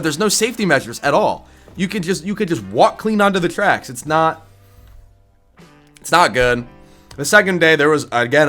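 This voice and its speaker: A young gaming YouTuber with a congested, scratchy voice talks in a mid-range pitch. He is blunt and profane, ranting casually before walking through a game build. Soft guitar music plays faintly behind him.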